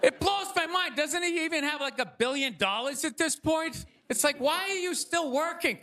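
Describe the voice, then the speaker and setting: A man's voice: very high voice, lively intonation. A man hosting a talk show who opens with a ranting, sarcastic stand-up monologue on stage before a live audience. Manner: ranting, sarcastic, rapid asides. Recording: noisy room with loud crowd.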